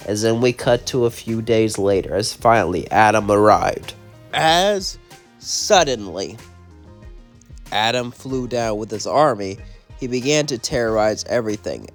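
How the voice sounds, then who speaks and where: A man with a slight cough narrates a homemade story and then breaks into an animated, exasperated rant, voice at an ordinary pitch. Faint music plays under him. He sounds recorded at home on a desk mic. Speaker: channel host, narrator.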